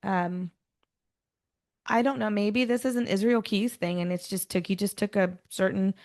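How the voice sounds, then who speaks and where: A woman's voice: mid-range voice, normal speed, a little mellow. A woman hosting a true-crime podcast, moving between read-out storytelling and chatty, offhand asides. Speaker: podcast host. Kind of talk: casual true-crime chat mixed with read narration.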